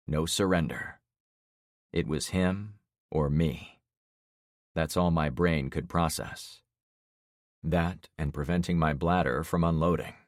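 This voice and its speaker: A man reading a thriller audiobook in scripted first-person narration, tense and measured. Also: low voice, no echo, clean studio sound.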